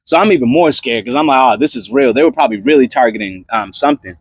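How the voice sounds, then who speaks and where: A young man casually telling a personal testimony story in an animated, slangy way, full of fillers and restarts. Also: mid-range voice, fast, breathy edge, no echo.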